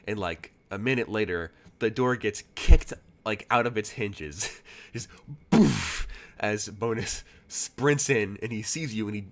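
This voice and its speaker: A man's voice: fairly low pitch, unhurried. A man narrating as game master, rambling with many fillers and restarts.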